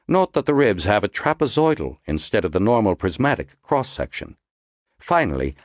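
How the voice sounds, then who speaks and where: A man voicing a soft-spoken older male medical examiner with a Dublin Irish accent, precise and lecturing. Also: medium pitch, no echo, clean studio sound, pitched above the performer's own voice, natural voice. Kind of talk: audiobook character voice.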